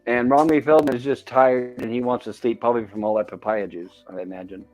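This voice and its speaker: A man's voice: medium pitch, fairly even intonation, brisk, darkish tone, faint music behind. A man hosting a casual commentary on an old TV episode, describing the scenes and reading quoted lines aloud. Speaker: show host.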